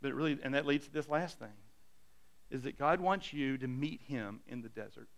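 With a medium pitch and moderate pace, a middle-aged male pastor delivers a conversational sermon. He tends to repeat his first words, and he lowers his voice to a hush for emphasis.

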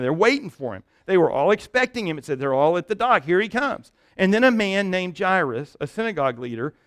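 Animated pastor preaching a sermon. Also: male voice, on the high side, no room sound, studio quality. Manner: animated storytelling, dropping to a hush for tender moments; repeats words and restarts while thinking aloud.

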